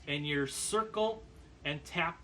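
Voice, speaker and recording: A man giving a percussion lesson, calmly explaining brush patterns and counting beats aloud. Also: on the high side, slow, heavy background noise. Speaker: percussion teacher. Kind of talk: instructional demonstration.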